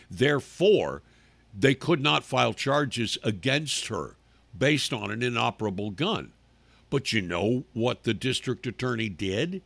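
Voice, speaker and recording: A man hosting a talk show, ranting angrily and profanely about politics, breaking into loud outbursts. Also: medium pitch, gravelly, dry recording. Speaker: radio talk show host.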